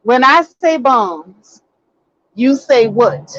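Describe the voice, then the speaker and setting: Emphatic high-voiced woman streamer, slow delivery. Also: no room sound. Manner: emphatic, repeats key words, addresses viewers as y'all. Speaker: host. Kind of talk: casual live-stream commentary. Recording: dull lo-fi dry sound.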